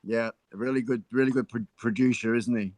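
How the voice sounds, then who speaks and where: A man's voice: medium pitch, steady tone, brisk, a little mellow. A man with an Australian accent chatting on a live stream panel, boisterous and effusive, full of slang. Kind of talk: casual live-stream chat.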